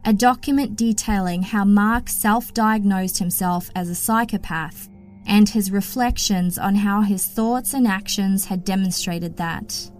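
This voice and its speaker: A woman hosting a podcast, narrating a true-crime story in an even, matter-of-fact way. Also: mid-range voice, unhurried, soft background music. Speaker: podcast host.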